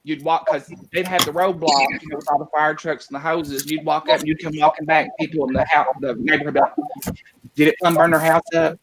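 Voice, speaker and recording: A man's voice: a little high, steady tone, fast, hardly any pauses, crowd noise. A man with a Southern Appalachian accent telling stories in casual chat, often laughing and mimicking locals. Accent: Southern US, East Tennessee.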